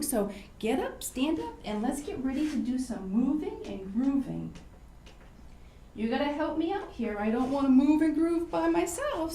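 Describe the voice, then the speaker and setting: An older woman hosting a children's show, teaching young kids in an animated, teacherly way and asking them questions. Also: sits high, slight background noise.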